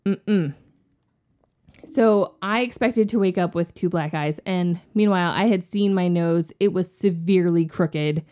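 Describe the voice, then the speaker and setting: A woman in her forties, a podcast cohost, telling a story in a casual, animated way and acting out what people said. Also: lowish voice, a little slow. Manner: animated, acts out quoted voices with gasps.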